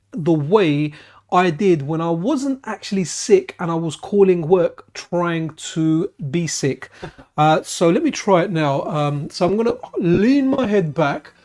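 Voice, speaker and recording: A man with a high voice talks through a live gaming stream. He is chatty and enthusiastic, and his sentences often stall and restart as he goes. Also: expressive, a little slow, darkish tone. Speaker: streamer, channel host. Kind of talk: casual live-stream chat while gaming. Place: friend's house.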